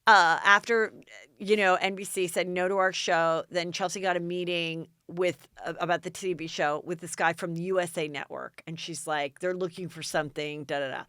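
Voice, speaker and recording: A middle-aged American woman hosts a casual chat podcast, spinning a long anecdote with lots of animated asides. Her voice is bright and clear, recorded close and dry with no room sound. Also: lowish voice, normal speed, no room sound. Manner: animated, dramatic retelling with quoted voices. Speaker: podcast host.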